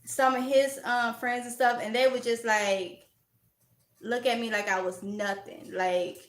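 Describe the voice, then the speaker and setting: A woman from Mississippi with a Mississippi accent, chatting loudly and outspokenly as a vlogger answering viewer comments. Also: fairly high pitch, fairly even intonation, a little slow. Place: at home while organizing. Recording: echoey room.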